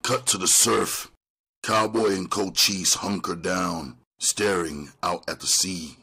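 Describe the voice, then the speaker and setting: A man reading a screenplay aloud in a measured, descriptive way. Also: deep voice, fairly even intonation, vocal fry, sharp tone, slightly rough. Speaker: reader.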